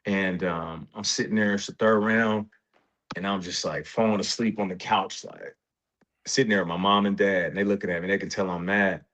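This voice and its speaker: A man in his forties, appearing as an interview guest, tells stories casually and animatedly at normal speed. His pitch rises when he gets excited, and he acts out what others said by quoting their dialogue, all on a dull, lo-fi recording.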